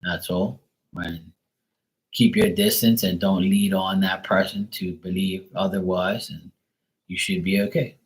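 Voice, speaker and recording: Man, middle-aged, slightly low voice, live-stream host, casual rambling chat, profane, blunt, lots of fillers. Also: little pitch movement, measured pace, rough recording. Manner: acts out quoted people in raised voices.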